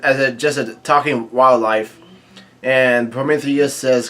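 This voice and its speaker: A man casually reading a comic chapter aloud, quoting lines and adding his own quick asides. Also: mid-range voice, steady tone, fairly bright tone. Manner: reads quoted lines aloud with brief reactions and asides, many fillers. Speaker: manga reading commentator.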